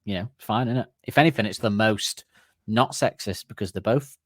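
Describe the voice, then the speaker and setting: A man's voice: on the low side, normal speed, no echo. A man co-hosting a comedy podcast, crude and giggly, bursting into silly voices. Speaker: podcast co-host. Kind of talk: casual comedic banter.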